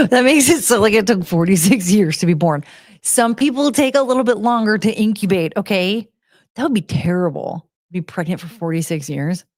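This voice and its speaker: A woman's voice: mid-range voice, lively intonation, normal speed, no room sound, studio quality. Chatty woman cooing at her dogs. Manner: laughs often and trails off mid-sentence. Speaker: streamer hosting her own show. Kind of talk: casual chat with viewers.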